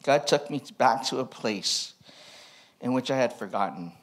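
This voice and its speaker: A man's voice: medium pitch, lively intonation, normal speed, fairly bright tone. A man preaching as a pastor in a personal sermon, reading from his old journal in a candid, reflective and self-mocking way.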